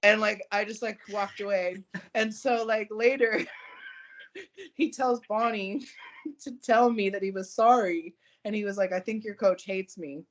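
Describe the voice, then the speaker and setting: A woman co-hosting a podcast, telling stories in a casual, profane, animated way and acting out the people she quotes. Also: medium pitch, a little slow, dull audio. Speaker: podcast co-host and powerlifter. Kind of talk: casual storytelling chat.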